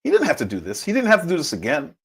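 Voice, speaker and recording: Animated husky male commentator. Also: racing. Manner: animated, emphatic, with big pitch swings. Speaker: livestream commentary host. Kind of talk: political commentary livestream.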